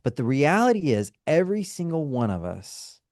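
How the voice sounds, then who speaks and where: A man's voice: on the high side, sing-song, moderate pace, a little mellow, no room sound, clean studio sound. A male counselor and trauma specialist, a guest in an interview, explaining things in a teacherly way and often checking in with "right?" and "okay?".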